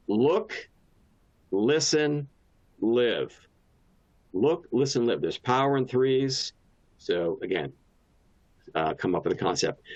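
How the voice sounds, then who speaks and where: A man gives a relaxed professional training talk, restarting sentences and sprinkling in personal anecdotes. His voice sits on the low side. The recording sounds dull and lo-fi, like a webinar capture. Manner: casual, anecdotal, frequent restarts and filler. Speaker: presenter.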